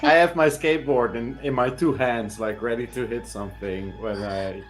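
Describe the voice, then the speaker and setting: A man's voice: mid-range voice, steady tone, normal speed, soft background music. A man playing a tabletop game, asking eager in-character questions in casual banter. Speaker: player.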